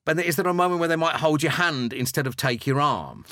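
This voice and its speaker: A man's voice: a little high, fairly quick, bright, forceful tone, no room sound, clean studio sound. A male host in casual chat, often stammering and restarting his questions.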